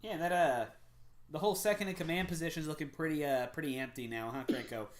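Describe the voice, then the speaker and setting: A man's voice: a little high, fast, echoey room. A man playing a tabletop game, talking brashly with swearing and laughter. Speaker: player.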